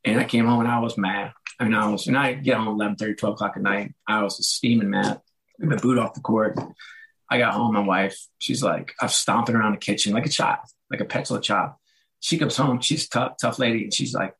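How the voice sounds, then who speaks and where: A hoarse man talking as a guest, telling stories in a casual, animated way and acting out the quoted voices with big pitch jumps. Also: fast, rough recording. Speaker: guest author. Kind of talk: casual storytelling conversation.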